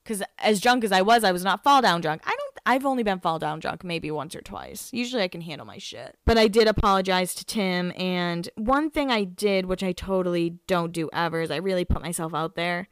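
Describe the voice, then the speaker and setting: A young woman in her twenties hosts a podcast and tells a personal story in a loose, confessional chat. Her voice is smooth and clear, with a dry, close sound and no room echo. She swears freely and laughs at herself as she goes. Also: lowish voice, brisk, few pauses. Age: 20s. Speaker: podcast host. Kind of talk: casual storytelling monologue.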